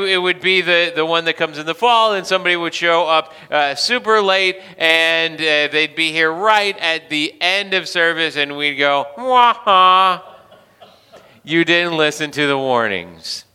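Pastor, male, slightly high, very bright and clear voice, relaxed joking sermon delivery, church with long reverb. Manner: conversational, self-deprecating humor, frequent restarts. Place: church sanctuary.

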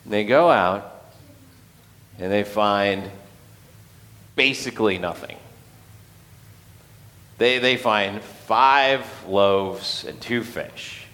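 A man's voice: fairly low pitch, drawn-out words, long pauses, sharp tone, long reverb tail. A man giving a casual sermon, telling the story conversationally with playful acted quotes. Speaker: pastor.

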